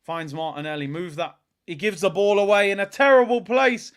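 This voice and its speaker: A young man commentating live on a football match as a fan, excitable, using slang and shouting at the players. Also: sits high, a little fast, clear, resonant tone. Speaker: fan watchalong host.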